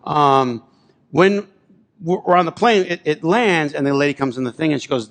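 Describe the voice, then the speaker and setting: A man's voice: on the high side, normal speed, fairly bright tone. A man preaching a sermon as pastor, telling a personal story in a conversational way and often asking the congregation whether they're with him. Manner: conversational, repeatedly checks in with the congregation. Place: church sanctuary.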